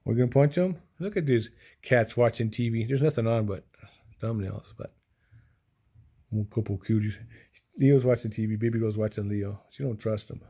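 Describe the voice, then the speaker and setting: A man filming his cats at home on his lap, chatting softly and affectionately to them and his viewers in a casual way. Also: lowish voice, normal speed, slightly rough. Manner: soft, affectionate, talks to the cats in baby talk. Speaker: cat owner vlogger. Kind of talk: casual home video chat to pets and viewers.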